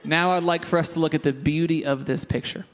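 A young pastor preaches in a church sanctuary, his voice fairly high with a steady tone. His earnest teaching is punctuated by quick, joking remarks aimed at the congregation.

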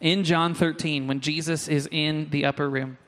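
A young man with a fairly high voice delivers a sermon in a church. He teaches earnestly and turns to the congregation with quick, joking asides. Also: fairly even intonation, a bit bright. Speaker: pastor. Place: church sanctuary.

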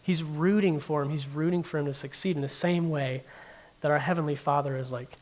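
A man's voice: a little high, steady tone, fairly quick, a little mellow. Casual, filler-heavy young male pastor. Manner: conversational, heavy use of "like" fillers. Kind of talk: casual sermon. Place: in front of a room of listeners.

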